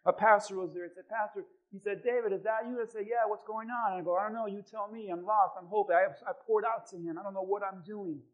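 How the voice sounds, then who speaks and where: Guy pastor preaching, pretty high voice, tells stories and acts out the people in them. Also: fast talker, hardly any pauses, narrow, tinny audio. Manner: animated storytelling, acting out quoted voices. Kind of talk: sermon. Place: church.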